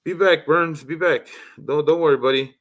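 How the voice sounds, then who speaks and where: A man hosting a casual voice chat stream who rambles, swears heavily and breaks into loud rants. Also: fairly high pitch, moderate pace. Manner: profane, rambling, rants loudly. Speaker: livestream host.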